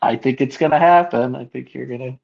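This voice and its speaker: A man's voice: mid-range voice, a little fast, vocal fry, highs cut off. A man co-hosting a podcast, telling stories in casual chat with plenty of swearing. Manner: animated, profane storytelling with loud acted quotes. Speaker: podcast co-host.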